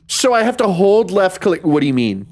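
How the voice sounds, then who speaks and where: A man giving casual commentary while playing a horror game, swearing freely and joking as he reacts to what happens on screen. His pitch rises and falls a lot, giving his talk a lively, animated bounce. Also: moderate pace. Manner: profane, joking, often laughing and reacting loudly. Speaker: streamer.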